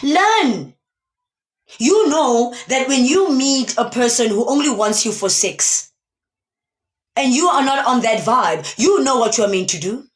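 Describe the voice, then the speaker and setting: Brief: South African woman, motivational live streamer, emphatic and preachy, voice a little high and very animated, echoey room. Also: a little slow. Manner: emphatic, preachy, asks many rhetorical questions. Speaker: motivational speaker.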